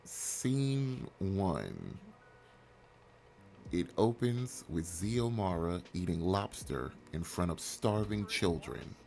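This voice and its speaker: A man's voice: low voice, sing-song, slow pace, gravelly, a little mellow. A man casually commentating his life-sim gameplay, rambling and joking with many fillers. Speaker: let's play host.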